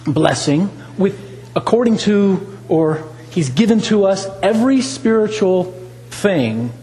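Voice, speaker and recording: A man's voice: high-pitched, darkish tone, big-room sound, rough recording. A man preaching a sermon, talking with animation, asking the congregation questions and repeating lines for emphasis.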